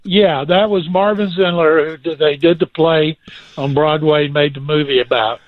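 A man spinning lively sports anecdotes as a guest, doing quick impressions of the people in them. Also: on the high side, no room sound. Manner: lively, imitates people in his stories. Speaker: guest recounting sports stories. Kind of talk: anecdotal storytelling. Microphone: phone. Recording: tinny phone line.

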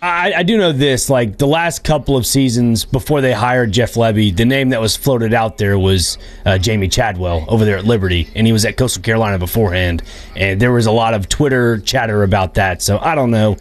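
A man chatting casually on a sports radio show, relaxed and telling stories. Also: on the low side, a little fast.

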